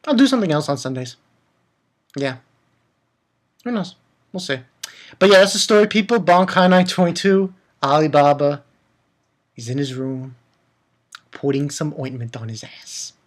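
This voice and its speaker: A man hosting a casual manga review vlog. He laughs often and swings between loud outbursts and mumbled asides. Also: fairly high pitch, expressive, normal speed, pauses often. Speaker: manga reviewer, channel host.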